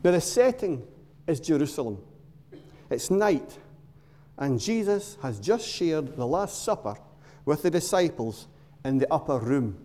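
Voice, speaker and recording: A man preaching a sermon in a church, telling stories in short emphatic phrases with dramatic pauses. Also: on the high side, very animated, mellow. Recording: long reverb of a large hall.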